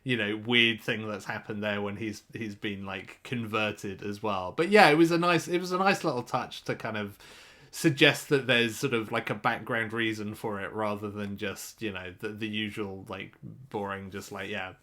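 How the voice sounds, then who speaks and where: A man's voice: on the low side, normal speed, bright, forceful tone. A man co-hosting a podcast, reacting in loose, rambling casual chat full of fillers. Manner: rambling, lots of fillers like "like" and "yeah". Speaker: podcast co-host.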